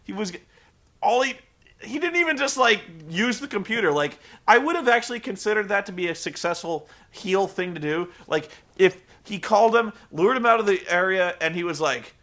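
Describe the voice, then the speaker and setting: A man's voice: high-pitched, normal speed. A man recapping a show in a sarcastic, profane comedic style, acting out the people in it. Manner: sarcastic, swearing, animated storytelling.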